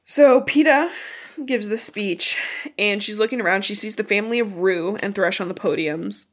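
Stuffed up and congested, a woman co-hosting a podcast gives a loose, chatty retelling of a book, peppered with swearing and asides. Her voice sits in the mid-range and moves at a moderate pace.

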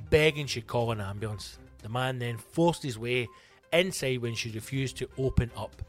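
A Scottish man riffing through a comedy podcast monologue, foul-mouthed and animated, with a voice of ordinary middle pitch. Faint music plays behind him. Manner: sweary, animated, ranting.

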